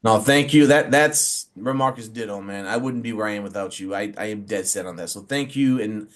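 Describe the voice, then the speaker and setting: A man's voice: fairly low pitch, brisk. A forty-year-old man, a wrestler and referee, speaking as an interview guest in a casual way, full of fillers and acting out quotes as he tells stories. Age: 40s. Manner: animated storyteller who acts out quotes, many fillers.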